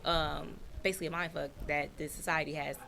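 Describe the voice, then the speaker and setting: A woman with a low voice talks quickly and earnestly, sharing advice from her own life. Clear background noise sits behind her voice. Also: flat delivery, sharp tone. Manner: earnest, advice-giving, fast flowing. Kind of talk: casual chat.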